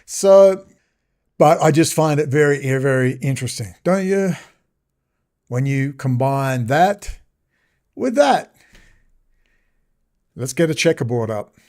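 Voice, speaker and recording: A man's voice: a little high, expressive, slow pace, pauses often, a little mellow. A man ranting sarcastically in a rambling video commentary.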